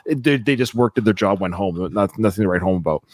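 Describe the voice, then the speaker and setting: A man's voice: fairly low pitch, quick pace, no room sound. Opinionated man on a dry mic. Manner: animated, opinionated, restarts often. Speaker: podcast co-host. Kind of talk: casual film discussion.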